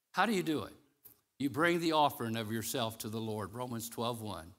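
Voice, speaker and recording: A man preaching a sermon as interim pastor in a church, moving from loud, rising declamation to soft, hushed storytelling, slowing to stretch key phrases. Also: medium pitch, animated. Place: church sanctuary.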